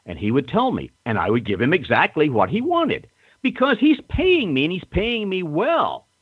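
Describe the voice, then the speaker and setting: An older man telling stories in a casual interview, self-assured and animated, acting out other people's lines. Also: fairly high pitch, moderate pace, breathy edge, no echo. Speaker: guest storyteller. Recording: muffled phone-line audio.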